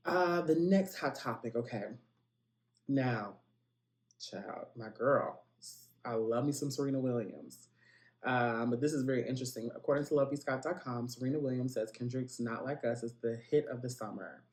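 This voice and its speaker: A man's voice: medium pitch, moderate pace. Chatty gossip-podcast man, roomy sound. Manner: chatty, animated, playful asides. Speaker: podcast host. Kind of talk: casual celebrity gossip podcast.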